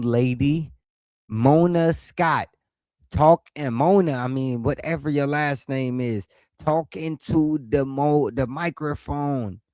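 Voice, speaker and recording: A man streaming his reaction to a podcast, heckling the people on screen with loud, mocking outbursts. His voice sits a little high, and the sound is close and dry. He wears a headset. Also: takes it slowly, dry recording.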